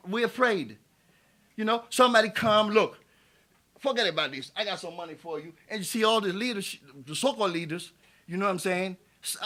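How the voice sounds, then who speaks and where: A man's voice: high-pitched, sharp tone. A man from Ivory Coast, giving an impassioned tribute speech at a community event and building to emphatic, repeated calls. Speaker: community speaker. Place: small cafe event space.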